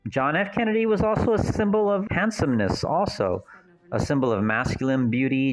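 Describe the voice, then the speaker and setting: A man talks through a film in casual audio commentary, his voice sitting a little low. He wanders off on tangents and thinks out loud. It sounds like an unscripted, relaxed walkthrough. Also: rough recording. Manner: chatty, digressive, thinking aloud.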